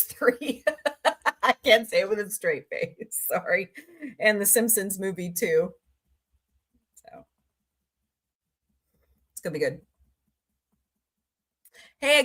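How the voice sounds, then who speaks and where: A woman's voice: fairly high pitch, pushed and bright. A woman hosting a casual live stream, chatting and joking with viewers about movies and reading their comments. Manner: chatty, jokey, reads and answers viewer comments. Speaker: livestream host.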